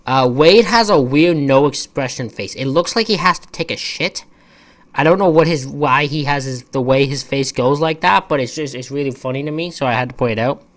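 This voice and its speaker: A man's voice: mid-range voice, moderate pace. Rambling, opinionated man recapping. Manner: rambling, opinionated, exasperated asides. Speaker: wrestling reviewer. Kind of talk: casual recap commentary.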